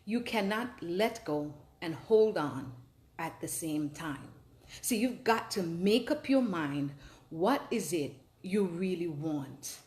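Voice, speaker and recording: A woman's voice: fairly low pitch, a little mellow, roomy sound. Earnest woman telling her own story. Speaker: host. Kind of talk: personal advice talk.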